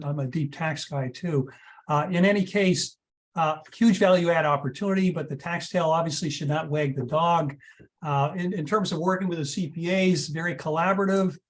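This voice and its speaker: A man giving expert answers on a video call, hesitant, restarting sentences often. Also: fairly high pitch. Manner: hesitant, lots of restarts and uh's. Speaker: guest advisor.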